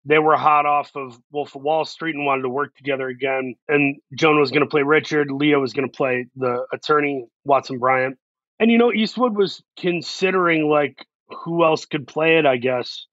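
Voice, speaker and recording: A male actor being interviewed, telling a story in an animated way and acting out the quotes. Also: fairly high pitch, dry recording. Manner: animated, acts out quotes in quick voices. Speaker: actor guest. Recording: dull lo-fi sound.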